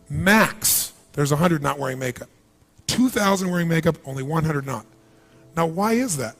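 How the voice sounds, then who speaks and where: A man with a high, lifted voice delivers a live motivational seminar in a large event hall. He is animated and keeps throwing questions straight at the crowd to pull them in. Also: normal speed, soft background music. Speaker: motivational speaker.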